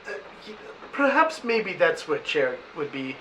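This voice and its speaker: Man doing a courteous adventurer, stammering, hesitant, higher voice, noisy room. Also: very animated, unhurried. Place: tabletop game session around a table.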